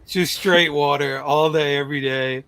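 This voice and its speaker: A man guest joking about himself in quick, casual asides. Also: a little high, fairly even intonation, fairly bright tone, smooth, no room sound. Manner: self-mocking, quick asides. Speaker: guest band member. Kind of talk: casual interview chat.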